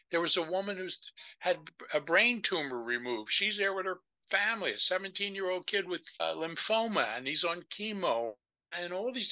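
An older man speaking on a podcast with a very bright, sharp-edged voice that sits somewhat high for a man. He tells his stories with energy and slips into the voices of the people he quotes. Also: normal speed, rough recording. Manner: animated storyteller who acts out the voices of the people he quotes. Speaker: podcast guest. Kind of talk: storytelling conversation.

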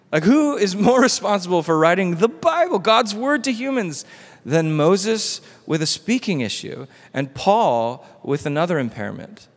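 Male pastor, lively sermon, fairly high voice, animated swings, long reverb of a church hall. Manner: animated, acts out quoted dialogue in a casual modern voice.

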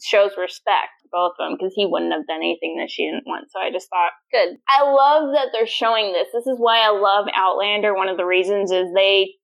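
Animated woman retelling TV scenes. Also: mid-range voice, brisk, creaky, hardly any pauses, rough recording. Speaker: podcast co-host. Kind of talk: casual chat.

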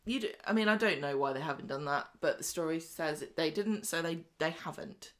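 Woman podcast co-host, chatty storyteller, slightly low voice. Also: a little fast. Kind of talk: casual chat recapping a soap.

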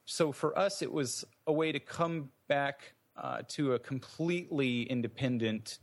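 A medium-pitched man, an indie game developer, meanders thoughtfully through interview answers, often restarting and using fillers.

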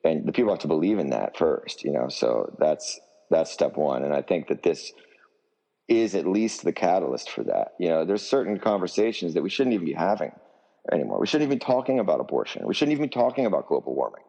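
Fired up guy on an interview, lots of swearing, low mellow voice, long reverb on it. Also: sing-song, fast talker, gravelly, breathy edge. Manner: fired up, profane, emphatic ranting. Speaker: musician guest. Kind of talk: heated interview talk.

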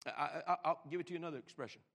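An older pastor delivers a sermon in a slightly high voice, stammering and repeating words. He swings between loud emphasis and hushed, slow lines.

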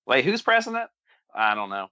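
A man's voice: mid-range voice, sing-song, brisk, pushed and bright, dry recording, muffled recording. A man co-hosting a podcast in casual chat, rambling and tripping over his words with folksy slang. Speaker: podcast co-host.

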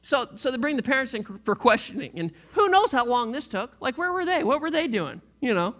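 A man's voice: very high voice, big pitch swings, fairly quick, few pauses, fairly bright tone. A male pastor giving a sermon in a playful storytelling manner, acting out the scripture with voices.

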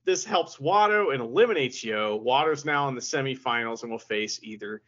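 Man, podcast co-host, wry recap, amused, lively up-and-down voice, dull lo-fi audio. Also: medium pitch. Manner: wry, laughs at the action, quick recap. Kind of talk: casual wrestling podcast recap.

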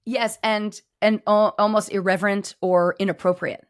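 A woman's voice: mid-range voice, fairly even intonation, moderate pace, dry recording, studio quality. A middle-aged woman, a former pastor, hosting a podcast in casual conversation and telling stories animatedly with voiced quotes. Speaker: podcast host.

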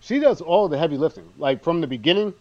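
Podcast dude rambling about a movie, kinda muffled lo-fi audio. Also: male voice, fairly high pitch, lively intonation, fast. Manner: rambling, self-deprecating, dry asides. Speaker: podcast co-host. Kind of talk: casual movie recap chat.

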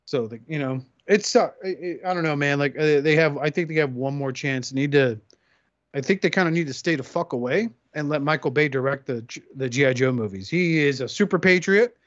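Podcast co-host, male, higher voice, animated and profane, dull lo-fi recording. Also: a little fast. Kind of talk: casual chat, riffing a comic pitch. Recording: dull lo-fi sound.

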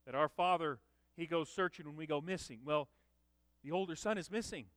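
A man preaching a sermon, emphatic, with loud dramatic peaks. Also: on the high side, a little fast, dry recording. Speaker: pastor.

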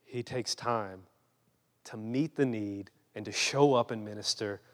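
A young man preaching a sermon in a casual, storytelling way, sometimes lively and sometimes hushed and earnest. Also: fairly low pitch, unhurried, big-room sound.

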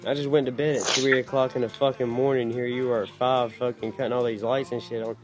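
A man's voice: mid-range voice, level tone, fast talker, over music. A man hosting a podcast in casual chat, ranting with heavy swearing and mocking others in put-on voices. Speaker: podcast host.

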